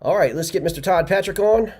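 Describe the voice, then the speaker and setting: A man's voice: high voice, fast talker, darkish tone, a little hiss or hum. A man hosting a live results stream, rambling with many fillers and restarts, laughing often. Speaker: tournament host.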